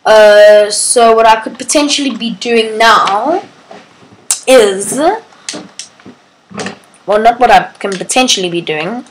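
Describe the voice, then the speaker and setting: A woman's voice: fairly high pitch, slow pace, long pauses, a little hiss or hum, rough recording. A woman casually commenting on her gameplay, chatty and playful, breaking into sing-song chants and baby talk to her pets. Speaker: gaming channel host.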